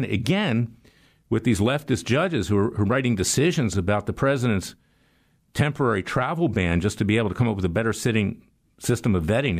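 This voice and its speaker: Sarcastic older man, political monologue. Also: lowish voice. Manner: sarcastic, storytelling, animated. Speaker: political commentator. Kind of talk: monologue commentary.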